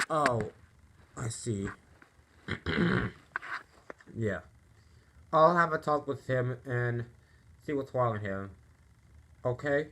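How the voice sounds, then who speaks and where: A man's voice: mid-range voice, extremely slow, long pauses, fairly bright tone, a little hiss or hum. A man voicing a stern male railway boss who hedges with many ums and wells, over background music. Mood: calm. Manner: hesitant, full of ums and wells.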